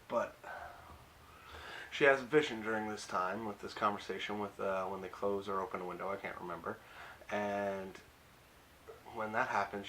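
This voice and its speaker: Young man, lowish voice, faint hiss, hesitant recap, lots of fillers, wry asides. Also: a bit bright, rough recording. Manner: rambling, hesitant, many fillers. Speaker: YouTube recap reviewer. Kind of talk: casual episode recap.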